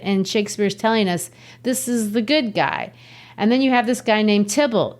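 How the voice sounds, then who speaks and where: A woman from Brazil, hosting a podcast and casually explaining a play, chatty and quick to laugh. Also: mid-range voice. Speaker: podcast host. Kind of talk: literature lesson, casual explaining.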